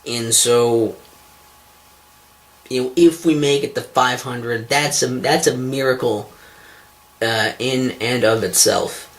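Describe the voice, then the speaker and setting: A man's voice: medium pitch, fairly even intonation, slow, pauses often. A man hosting his own online show, talking to camera in a rambling, sarcastic, self-deprecating way, swearing often, with lots of ums and restarts. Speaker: vlogger, show host.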